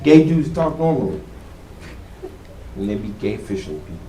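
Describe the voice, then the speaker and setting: This stand-up comedian has a lowish voice with big swings in pitch and a moderate pace, bantering crudely and brashly with the club crowd. He's picked up from a distance with slight hiss or hum, amid room echo and loud laughter.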